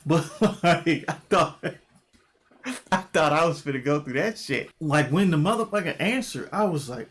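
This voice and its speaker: A young man telling a casual storytime story, animated and profane, jumping into quoted exclamations. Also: a little high, moderate pace. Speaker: vlogger.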